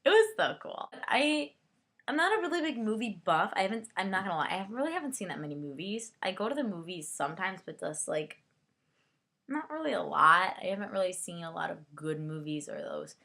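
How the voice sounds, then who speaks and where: A young woman giving a casual book and movie review, rambling excitedly with lots of fillers and side comments. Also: mid-range voice, brisk.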